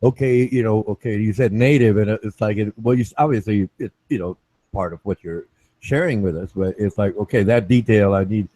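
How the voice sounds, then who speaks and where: Low rambling man in casual chat. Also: a little fast, dark tone, dry recording. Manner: rambling, many restarts and "right?" checks. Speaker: show host.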